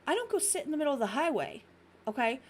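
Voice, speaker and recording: Heavy background noise surrounds a high-pitched, fast-talking woman in her thirties. As a podcast host, she tells stories animatedly in a casual chat and doesn't hold back on swearing.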